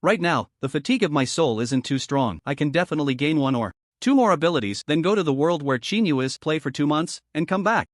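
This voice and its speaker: A man's voice: fairly high pitch, animated, fast, hardly any pauses, dry recording, clean studio sound, lightly acted. A man voicing a reincarnated man now living as a little panda, speaking with eager wonder. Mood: curious.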